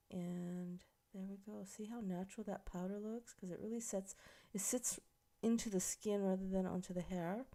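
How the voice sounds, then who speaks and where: Chatty woman teaching makeup, mellow voice. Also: mid-range voice, fairly even intonation, normal speed. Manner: chatty, explains while working, many fillers. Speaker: makeup instructor. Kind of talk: casual tutorial.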